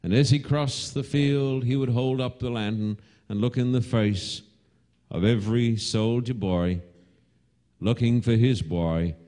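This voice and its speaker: A man preaching a sermon, telling a story slowly and dramatically and rising to loud cries when he voices the calls. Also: mid-range voice.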